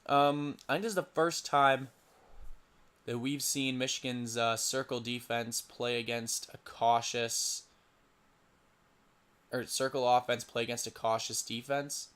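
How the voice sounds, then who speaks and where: A man's voice: mid-range voice, fairly even intonation, a little slow, a bit bright, clear, resonant tone. A young man doing casual solo play-by-play for a simulated lacrosse game, stumbling over player names and muttering asides to himself.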